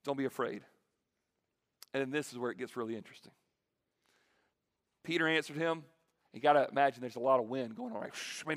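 A male preacher giving a sermon to students in a large hall, animated and joking as he acts out the scripture. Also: medium pitch, fairly quick, long pauses.

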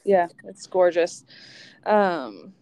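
A woman's voice: lowish voice, big pitch swings, very slow, mellow. A woman who is a guest on a podcast, chatting casually and trailing off between thoughts with many fillers. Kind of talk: casual interview chat.

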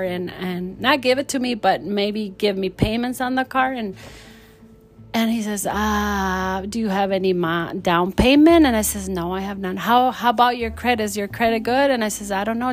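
A middle-aged woman telling a personal faith testimony in a storytelling way, acting out the voices of the people in it. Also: medium pitch. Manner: animated, acts out quoted dialogue. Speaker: testimony speaker.

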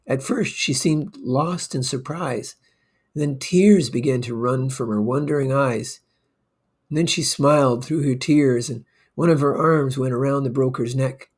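A man reading a story aloud in a slow, measured way. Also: mid-range voice, husky. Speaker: narrator.

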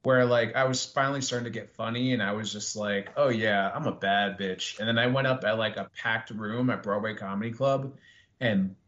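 Bright-voiced man telling a comedy story. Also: fairly low pitch, steady tone, fairly quick. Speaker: stand-up comedian. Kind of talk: casual chat. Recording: dull lo-fi recording.

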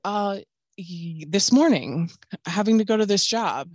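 A woman co-hosting a podcast in casual chat, candid and quick to swear and laugh. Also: medium pitch, animated, a little mellow, slightly rough, no room sound, clean studio sound. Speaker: podcast co-host.

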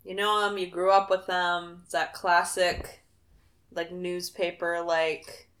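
Bright-voiced young woman, casual chat. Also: lowish voice, slow. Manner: relaxed, chatty, lots of "like". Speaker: podcast co-host.

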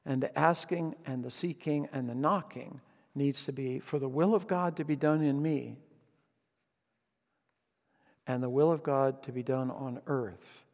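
A man's voice: mid-range voice, measured pace, darkish tone, in a large hall. A man preaching a sermon as pastor, telling a story with frequent ums and restarts.

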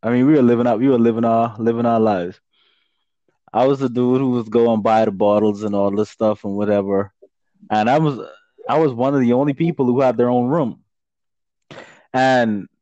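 A man's voice: mid-range voice, normal speed, pauses often, dark tone, no echo. A young man in casual chat telling a story in a laid-back, rambling way, laughing often. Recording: dull lo-fi dry sound.

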